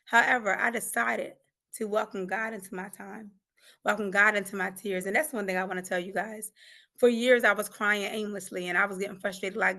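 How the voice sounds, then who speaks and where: A woman with a bright, forceful voice speaks as a guest giving her faith testimony. She is fervent and preachy, laughs often and repeats key phrases for emphasis, with a pitch that sits in the usual middle range. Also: fairly even intonation, a little fast. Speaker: guest, grief coach and author.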